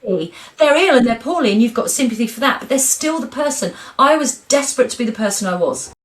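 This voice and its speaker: Talking quickly in a slightly high voice, this middle-aged interviewee tells her stories with animation. The conversation is candid, and she comes across as frank and expressive.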